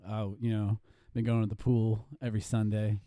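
A man's voice: on the low side, level tone, moderate pace, warm tone, no echo, clean studio sound. A young man co-hosting a podcast in casual, joking chat, full of fillers. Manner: laid-back, joking, heavy on fillers. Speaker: podcast co-host.

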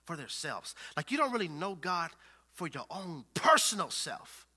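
A young man preaching a sermon, dropping to hushed whispers and rising to loud shouts, acting out scripture scenes with lively dialogue. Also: on the high side, moderate pace. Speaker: pastor.

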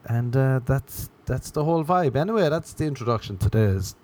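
A man's voice: medium pitch, lively intonation, moderate pace, darkish tone, slight background noise. Irish man riffing a comic podcast monologue. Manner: riffing, self-mocking, drifts into acted inner voices. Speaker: podcast host.

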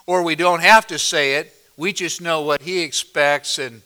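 Brief: male pastor, high bright voice, unhurried expository sermon with rhetorical questions. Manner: expository, asks the congregation questions; swings between loud emphasis and quiet asides.

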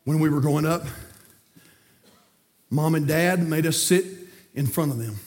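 A man preaching a fiery sermon, folksy and repetitive, swinging from quiet talk to shouting. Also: fairly high pitch, measured pace. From North Carolina, USA. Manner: folksy, repeats words. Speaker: pastor.

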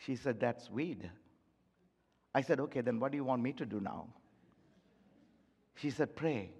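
In a large hall with long reverb, a pastor delivers a sermon, repeating phrases for emphasis as he pleads with his church. His mid-range voice is gravelly, husky and a little mellow, unhurried with long pauses.

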